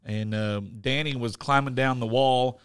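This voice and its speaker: A man's voice: mid-range voice, a little slow, clear, resonant tone, no room sound, clean studio sound. A man hosting a church podcast, chatting casually and joking between fillers. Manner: relaxed, joking, rambling with fillers. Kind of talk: casual chat.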